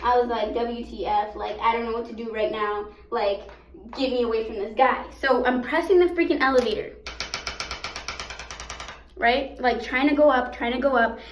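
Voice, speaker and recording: A young woman with a high voice tells a story to camera, animated and chatty, packing her talk with fillers and slang. The room around her sounds echoey and hard. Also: normal speed, slight background noise. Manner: animated, fillers like "like" and "bro", swearing. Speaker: vlogger. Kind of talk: storytime vlog.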